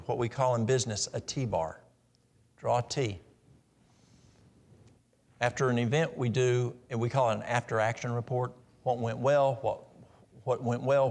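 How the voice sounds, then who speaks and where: A man's voice: medium pitch, a little mellow. A middle-aged man giving a practical, story-filled health talk at a church in a folksy manner. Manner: folksy, practical, tells stories.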